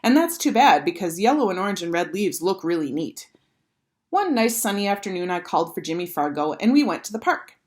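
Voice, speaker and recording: A woman teacher reading a children's chapter book aloud with expressive, animated storytelling. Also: fairly low pitch, a little fast.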